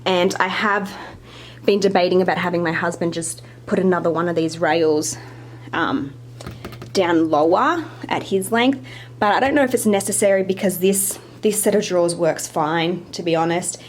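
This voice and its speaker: Young woman vlogger, slightly breathless, chatty, low-ish register, faint hiss behind. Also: normal speed. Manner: chatty, apologetic asides. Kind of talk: casual home tour narration.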